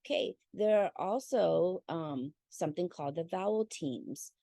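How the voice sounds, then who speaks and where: A woman's voice: fairly low pitch, expressive, a little slow, creaky, mellow, no echo. A woman teacher giving a parent workshop in a chatty way, with fillers and check-ins. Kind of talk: casual instructional talk.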